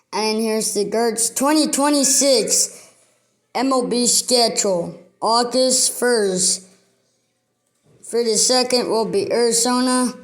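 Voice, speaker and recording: Slow, halting woman reading sports news. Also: fairly high pitch. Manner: halting, reads off a list item by item. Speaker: sports video host. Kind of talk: casual sports news and schedule rundown.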